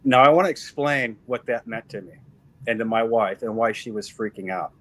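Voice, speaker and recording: Poor audio carries the fairly bright, mid-range voice of a middle-aged interview guest speaking at normal speed. He shares his faith testimony earnestly, stressing his story through heavy repetition of words and phrases.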